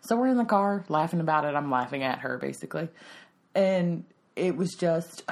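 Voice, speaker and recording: A woman's voice: fairly low pitch, normal speed. A woman, telling stories in a casual chat, laughing often and acting out the voices of others. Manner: animated storytelling, laughs often, acts out voices.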